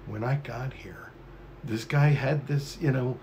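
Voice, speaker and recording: Gravelly-voiced man ranting on a stream. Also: mid-range voice, measured pace, a little mellow, slight background noise. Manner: profane, conspiratorial, rambling. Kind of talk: rambling live-stream monologue.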